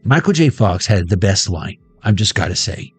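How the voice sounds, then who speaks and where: A man's voice: low voice, big pitch swings, normal speed, slightly rough, faint music behind. A man hosting a casual tarot reading video, rambling and joking with casual swearing. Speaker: tarot reader. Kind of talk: casual intuitive reading vlog.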